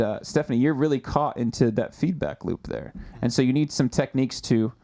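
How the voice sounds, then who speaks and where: A man answering questions as an anxiety coach on a live Q&A, speaking gently and often repeating words as he thinks. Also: medium pitch, gravelly. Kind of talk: live Q&A advice.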